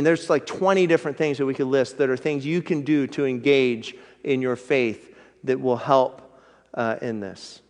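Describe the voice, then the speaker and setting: A male pastor giving an earnest, conversational sermon in a church, slowing down for emphasis and closing in prayer. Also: medium pitch, in a large hall.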